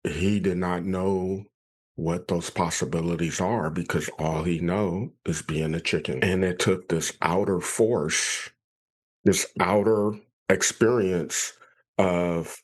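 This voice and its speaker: A man's voice: sits low, fairly even intonation, slow. A man, a leadership coach, reflecting on a story in a podcast chat.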